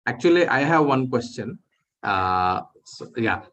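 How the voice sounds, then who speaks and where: Male moderator, halting and filler-heavy, mid-pitched voice. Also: animated, fairly bright tone. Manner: hesitant, many fillers. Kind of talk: online session moderation.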